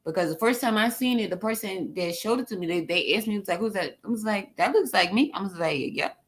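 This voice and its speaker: A woman's voice: mid-range voice, animated, brisk. A woman with a New York accent chatting on a panel, blunt and profane, laughing often. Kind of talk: casual panel chat.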